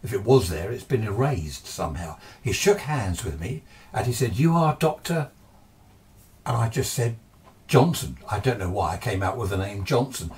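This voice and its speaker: A man with a fairly low voice recounting his ghostly experience as a casual spoken recollection. He often restarts and backtracks as he recalls details. The sound is a little distant from the microphone. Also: animated, brisk, darkish tone. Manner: hesitant, with frequent restarts and asides. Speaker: ghost story narrator.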